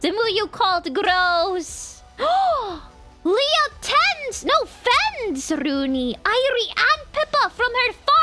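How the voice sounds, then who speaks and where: A woman's voice: very high voice, big pitch swings, drawn-out words, over loud music. A young woman streamer giving playful, giggly commentary on a game, full of exclamations.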